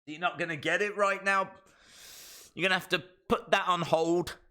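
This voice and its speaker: A man streaming a live wrestling watch-along, reacting with jokes and sudden shouted mimicry. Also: high voice, normal speed, clear, resonant tone. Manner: animated, jokey, mimics wrestlers in shouted bits.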